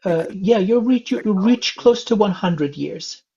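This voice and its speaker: A man from England giving a calm spiritual reading, speaking gently with many filler sounds. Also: high voice, takes it slowly, creaky, over a noisy crowd. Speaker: spiritual reader. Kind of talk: psychic reading session. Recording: dull lo-fi sound.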